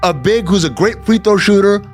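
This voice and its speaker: Brief: male sports co-host, high lively gravelly voice, sarcastic rants, faint music bed. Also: moderate pace. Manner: animated, ranting, sarcastic. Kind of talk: casual sports chat.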